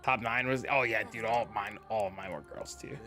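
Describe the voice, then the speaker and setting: A man's voice: on the low side, normal speed, soft background music. A man in his thirties streaming a video game, chatting casually with viewers and swearing freely. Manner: animated, profane, chatty with viewers. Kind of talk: casual gaming livestream chat.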